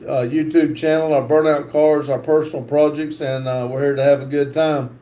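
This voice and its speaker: A man's voice: fairly high pitch, level tone, moderate pace, warm tone. A man hosting a casual livestream, reading viewers' comments aloud. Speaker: livestream host.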